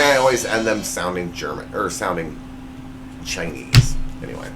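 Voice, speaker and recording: A man's voice: expressive, moderate pace, music in the background. A man hosting his own comedy show, reading joke punchlines with playful swings in his voice. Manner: jokey, reads punchlines with big pitch swings. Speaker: show host. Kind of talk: comedy monologue.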